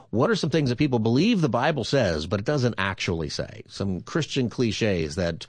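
A man hosting a call-in radio show as a pastor, talking in a relaxed, conversational way and repeating the phone number. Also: mid-range voice, moderate pace, hardly any pauses, no echo.

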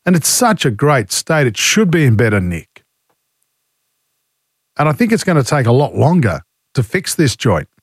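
A man's voice: medium pitch, very animated, normal speed, long pauses, breathy edge, no echo, studio quality. A man with an Australian accent hosting talkback radio, reading listener texts and giving blunt, indignant opinions while fighting a cold. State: has a cold. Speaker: talk radio host. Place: radio studio.

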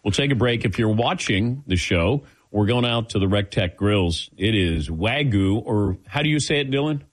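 A man's voice: lowish voice, animated, moderate pace. A man hosting a sports talk show, chatting loosely with plenty of restarts and fillers. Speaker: sports radio host.

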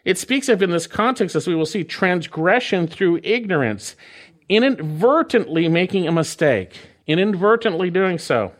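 Emphatic preacher man with lively pitch. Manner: emphatic, repeats key phrases, swoops between slow stresses and quick asides. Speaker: pastor. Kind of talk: expository sermon.

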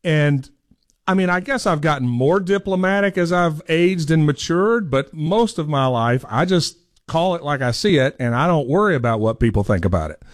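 A man's voice: a little high, animated, moderate pace, no room sound. A man, co-hosting a podcast, blunt and dryly teasing. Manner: blunt, dry teasing humor. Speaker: podcast co-host. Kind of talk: casual chat.

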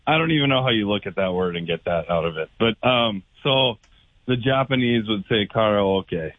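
A man's voice: fairly low pitch, animated, brisk, no echo. A man calling in to a radio show, blunt and opinionated, lecturing with a lot of ums. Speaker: caller. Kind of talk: call-in conversation. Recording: phone line.

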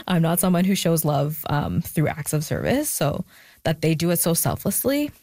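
A woman's voice: deep voice, very animated, moderate pace, darkish tone, no echo. A young adult woman speaking as an interview guest, reflective and thoughtful, with many fillers and moments of emotion. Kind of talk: casual interview conversation.

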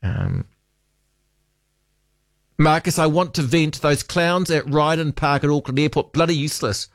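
A man's voice: on the high side, a little slow, no room sound, studio quality. A man hosting talkback radio, chatting casually and reading out listener texts, often trailing off with hesitant ums.

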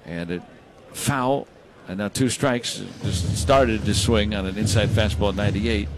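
A man calling baseball play by play, brisk and rising when big plays happen. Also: lowish voice, background noise. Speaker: play-by-play announcer.

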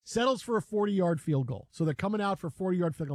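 A man co-hosting a sports radio show in a studio, telling stories in a lively, animated way and acting out the people in them. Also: high-pitched, quick pace, few pauses, no echo. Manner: animated storytelling, acts out shouting fans. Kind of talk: casual sports radio chat.

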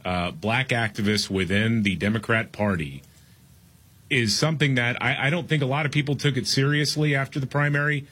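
A man's voice: medium pitch, a little fast, fairly bright tone, breathy edge. A man co-hosting a casual political chat, wry and prone to stumbling restarts. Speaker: show co-host.

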